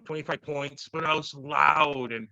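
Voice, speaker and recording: A man in his thirties, a former hockey player, telling stories loudly and profanely in a casual interview. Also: on the high side, unhurried, vocal fry, dry recording, lo-fi sound. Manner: loud, profane, animated storytelling.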